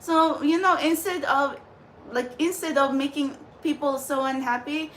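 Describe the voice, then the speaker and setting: A woman's voice: high-pitched, fairly even intonation, measured pace, a bit bright, a little hiss or hum. A woman who channels spirit messages, ranting angrily on her vlog with swearing and lots of "like". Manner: ranting with profanity and repeated "like". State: angry. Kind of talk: unscripted angry vlog rant.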